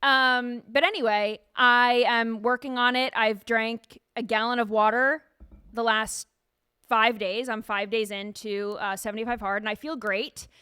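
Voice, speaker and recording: A woman podcast host in casual chat, telling stories in an animated way with frequent laughter, recorded in a studio. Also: on the high side, a little slow, clean tone, no echo.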